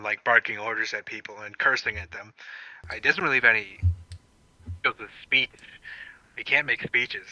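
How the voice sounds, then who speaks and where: A man's voice: mid-range voice, sharp tone, no echo, highs cut off. A man playing a tabletop role-playing game, describing his character casually and swearing a lot. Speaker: player.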